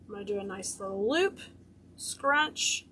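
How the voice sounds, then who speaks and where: A woman's voice: mid-range voice, animated, a little slow, pushed and bright, a little hiss or hum. A woman hosting a hands-on wreath-making tutorial, chatting and gushing over her work as she goes. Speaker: craft tutorial host. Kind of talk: hands-on craft demonstration.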